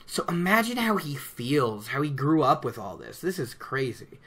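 Animated guy recapping a book, acting out bits, bright highish voice. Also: moderate pace. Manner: animated, laughing, acts out characters' lines. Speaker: book discussion host. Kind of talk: casual book recap chat.

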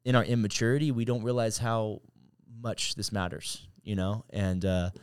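A man's voice: lowish voice, steady tone, moderate pace, smooth, no echo. Man, podcast co-host, casual preachy faith talk, repeats himself, dry close mic.

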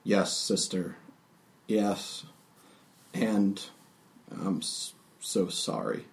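A man's voice: lowish voice, steady tone, unhurried, a little mellow, far from the mic, lightly acted. A man playing a grave old village elder. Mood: sorrowful.

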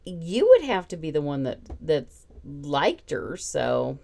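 Female podcast host; gravelly, animated, chatty, trails off mid-thought. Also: low voice, slow pace. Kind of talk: casual chat.

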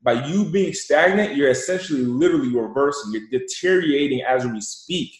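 A man telling an animated story and giving motivational talk as an interview guest, repeating himself for emphasis. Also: mid-range voice, brisk, reverberant, rough recording. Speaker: guest, entrepreneur.

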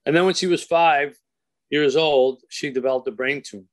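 A man as an interview guest, telling a story in an earnest, measured way and slowing down for emphasis. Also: on the high side. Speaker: author and guest.

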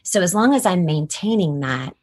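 Appearing as a guest in a relaxed interview, this middle-aged voice actress is lively and talkative, laughing frequently. Her voice is on the low side at a moderate pace, with a little hiss or hum present.

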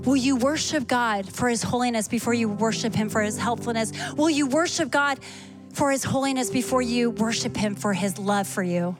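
Woman preacher, high pitch, energetic sermon delivery, church service with music bed. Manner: fast, animated preaching with Scripture reading and quick asides. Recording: sermon with clear music behind.

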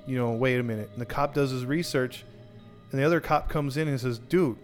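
A man at a middle pitch tells a true crime story in a loose, rambling way. He restarts often and slips into quick quoted dialogue. Faint music sits under his voice. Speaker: podcast host telling a true crime story. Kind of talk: casual storytelling.

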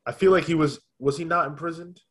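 A man co-hosting a podcast, chatting casually in a thoughtful way, often pausing with ums and restarting his sentences. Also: on the high side, steady tone, a bit bright. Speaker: podcast co-host. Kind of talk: casual review chat.

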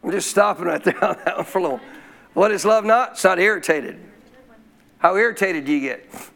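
A man preaching a sermon, throwing frequent questions to the congregation and slowing down to stress key phrases. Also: high-pitched, creaky, a bit bright. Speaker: pastor.

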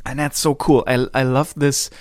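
A man's voice: mid-range voice, flat delivery, normal speed, no echo, clean studio sound. A man chatting enthusiastically and loosely about a song on a music podcast. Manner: enthusiastic, laid-back, filler-heavy. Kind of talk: casual music review chat.

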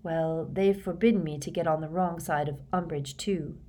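A woman's voice: low-pitched, steady tone, moderate pace, warm tone. A woman voicing a nervous, flustered teenage girl who stumbles and apologizes in a storybook reading. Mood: confiding.

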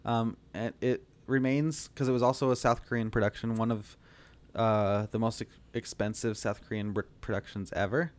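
A man's voice: fairly low pitch, steady tone, normal speed. A man hosting a casual movie podcast, laughing easily and talking with many fillers. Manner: laughs often, loose with fillers. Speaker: podcast host.

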